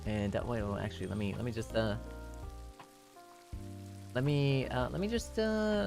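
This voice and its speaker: A man's voice: mid-range voice, normal speed, vocal fry, long pauses, darkish tone, faint music behind. A man hosting a casual anniversary chat stream, giggly and rambling, shy and self-conscious, switching between English and Japanese. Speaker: streamer host.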